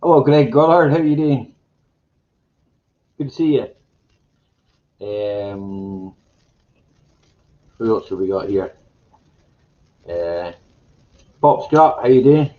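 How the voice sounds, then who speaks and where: A man hosting a casual live chat, greeting viewers by name in a slow, meandering way and chuckling to himself. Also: medium pitch, animated, narrow, tinny audio. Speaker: live stream host. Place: home room with green screen.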